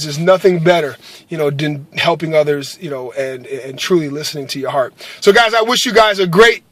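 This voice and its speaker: Earnest high-voiced man. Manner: earnest, with many fillers and repeated "right?". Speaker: vlogger sharing a faith story. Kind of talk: casual chat to camera.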